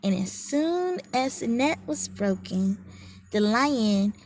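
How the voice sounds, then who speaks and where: A woman's voice: fairly high pitch, expressive, takes it slowly, a little mellow, slight background noise. A woman educational consultant giving a leadership lesson, asking rhetorical questions, teasing her listeners and telling a fable. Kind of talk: motivational leadership lesson with storytelling.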